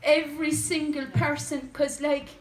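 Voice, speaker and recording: A woman's voice: high-pitched, flat delivery, unhurried. An Irish woman speaking from the audience at a public meeting, telling a story and rising into an earnest rallying call. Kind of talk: impassioned public meeting speech. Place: community hall with an audience. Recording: echoey hall from far off, background noise.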